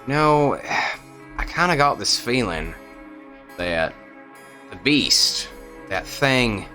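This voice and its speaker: A man playing a tabletop role-playing game, unhurried and drawling. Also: mid-range voice, big pitch swings, bright, forceful tone, faint music behind. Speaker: player. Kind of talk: tabletop game play, casual chat.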